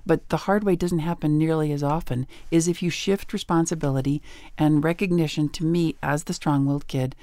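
A woman's voice: deep voice, fairly quick, no echo. A woman guest on a radio talk show, an author and educator telling stories with chuckles, on a studio mic. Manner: animated storyteller, chuckles often.

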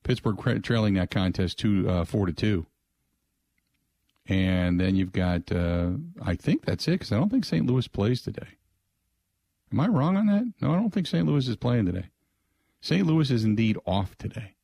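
An older man hosts sports radio from a studio, chatting in a loose, rambling way and circling back to the call-in number. His voice sits a little low. The close microphone leaves the sound dry, with no room echo. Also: sing-song, normal speed, creaky, dark tone. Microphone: close studio mic.

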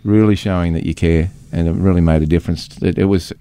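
A deep, gravelly man tells a story as a guest on a radio talk show. He is animated and acts out the voices of the people he quotes. His voice sounds dry and close to the mic. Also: fast talker, dry recording. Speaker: guest, ministry founder.

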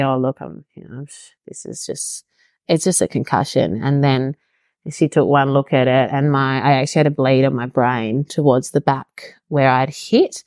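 A woman's voice: very deep voice, a little mellow, no room sound, studio quality. A young woman chatting casually as an interview guest, telling a personal story in a self-deprecating way and laughing now and then. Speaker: podcast guest.

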